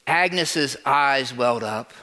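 A man preaching, telling a story, swinging from loud to hushed. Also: medium pitch, slow. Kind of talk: sermon storytelling.

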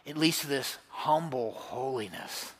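A man preaching a sermon to a congregation, emphatic, swinging between loud cries and hushed intensity. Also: medium pitch, measured pace. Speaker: pastor.

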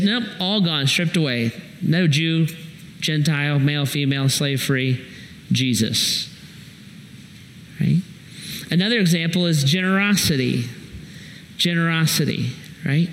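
A man preaching a sermon as a pastor, animated, with storytelling asides. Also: on the high side, a little slow, pauses often, a little hiss or hum. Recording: long reverb in a large hall.

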